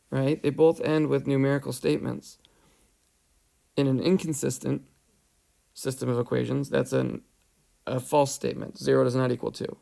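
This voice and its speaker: A man with a deeply gravelly, fry-laden voice at an ordinary middle pitch talks through a math lesson over a screencast. He walks patiently through each step and keeps checking in with his students. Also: dark tone. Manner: patient, explains step by step, asks "right?". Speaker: math teacher. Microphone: headset or tablet mic, voice-over screencast.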